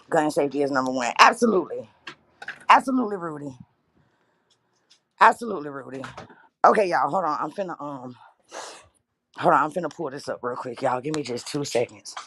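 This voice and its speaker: Impassioned gravelly-voiced woman livestreaming. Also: fairly low pitch, fairly bright tone. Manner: impassioned, addresses viewers as y'all. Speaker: livestream host. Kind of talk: emotional livestream talk to viewers.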